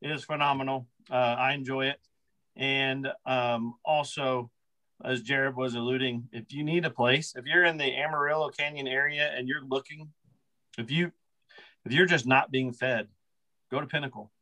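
Texan podcast host closing out, lots of praise, bright tense voice. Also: male voice, mid-range voice, steady tone, moderate pace, rough recording. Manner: warmly praising, repeating himself. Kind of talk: casual podcast wrap-up.

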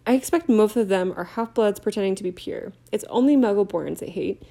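A woman's voice: medium pitch, a little fast, vocal fry, warm tone. A woman doing a stubborn, clever teenage witch. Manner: stubborn and prim.

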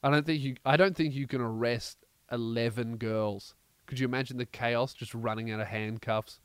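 A man hosting a podcast, telling a comedic story in a brash, profane, animated way with mocking asides. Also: mid-range voice, normal speed, clean tone, no room sound. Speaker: podcast host.

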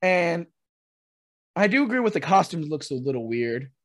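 A man co-hosting a podcast in casual chat, excitable and swearing often, acting out quotes in big voices. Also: a little high, moderate pace, no echo. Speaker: podcast co-host.

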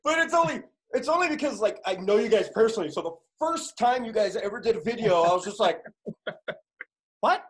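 A man hosting a casual interview, animated and teasing, laughing often. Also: high voice, fairly quick, slight background noise, low-quality recording. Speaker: host.

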